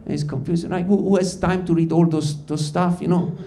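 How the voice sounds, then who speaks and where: A man's voice: high voice, steady tone, fairly quick, dark tone. A man from Ticino, Switzerland, performing a stand-up comedy set on stage, rambling and stopping himself mid-sentence as he talks to the crowd. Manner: rambling, self-interrupting, addresses crowd as guys. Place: comedy stage before a live audience.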